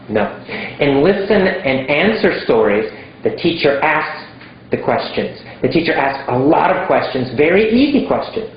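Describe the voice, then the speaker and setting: A man teaching English in a slow, emphatic way, repeating simple words for learners. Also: fairly high pitch, sing-song, a little hiss or hum. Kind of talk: slow teaching monologue to camera. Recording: very echoey room, dull lo-fi sound.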